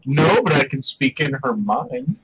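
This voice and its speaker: A man's voice: mid-range voice, animated, unhurried, over a noisy crowd. A man playing a tabletop game, brash and joking in casual banter. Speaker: player. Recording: dull lo-fi audio with faint hiss.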